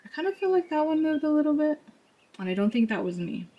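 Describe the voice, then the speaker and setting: A woman's voice: sits high, sing-song, quick pace, lo-fi sound. A woman giving a tarot card reading to her viewers, talking in a chatty, earnest way with many fillers and asides.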